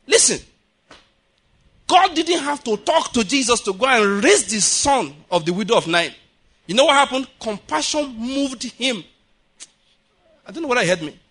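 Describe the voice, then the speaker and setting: A man with a Nigerian accent preaching a sermon in a church, telling stories and often asking whether the congregation gets his point. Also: high-pitched. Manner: animated, keeps checking the congregation follows his point. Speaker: pastor. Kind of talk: sermon with storytelling. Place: church building.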